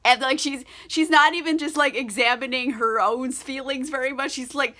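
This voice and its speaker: A woman's voice: sits high, fairly even intonation, normal speed, sharp tone. A young woman, a little drunk on wine, recapping a novel in a casual comic vlog, laughing often, swearing freely and saying "like" a lot. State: tipsy from wine. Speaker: book vlogger. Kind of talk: casual comedic book recap.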